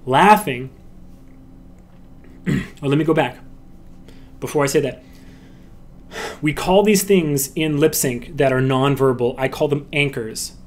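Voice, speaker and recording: A man lecturing on animation at an unhurried pace, his voice sitting slightly high for a man. He breaks off to act out short lines and bursts of laughter as examples, restarting phrases as he thinks. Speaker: animation instructor. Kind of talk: recorded lecture.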